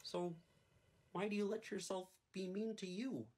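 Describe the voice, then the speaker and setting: A woman doing an impression of a gentle, earnest male frog puppet, giving a soft, encouraging pep talk. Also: mid-range voice, fairly even intonation, measured pace, crowd noise, close to an everyday voice.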